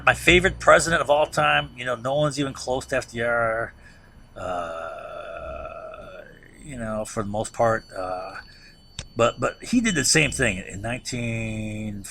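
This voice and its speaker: A man's voice: mid-range voice, gravelly, pushed and bright, slight background noise. A man teaching a history lesson in a loose, conversational way. He keeps checking in with a rhetorical "right?" and often restarts or repeats words as he thinks aloud. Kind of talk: conversational lecture.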